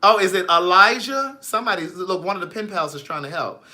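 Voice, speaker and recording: A man chatting on a live stream, sassy and animated, reading viewer comments aloud and joking with them. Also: high voice, fairly quick. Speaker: vlogger.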